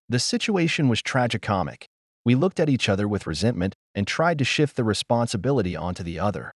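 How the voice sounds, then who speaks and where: A male narrator tells a first-person wartime story in a grave, measured way. His voice rises and falls with lively intonation. The recording is dry and close, with no room sound. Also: fairly low pitch, no room sound. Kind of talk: scripted first-person war memoir narration.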